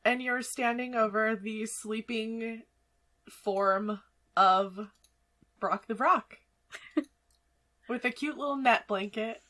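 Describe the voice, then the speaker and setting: A woman narrating as game master for a tabletop game, chatty and quick to laugh. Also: fairly high pitch, bright, forceful tone. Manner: laughs often, chatty with fillers.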